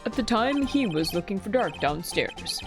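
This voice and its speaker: A woman's voice: medium pitch, expressive, normal speed, lightly acted. A woman voicing a fussy, easily flustered old male judge from a game. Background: game music.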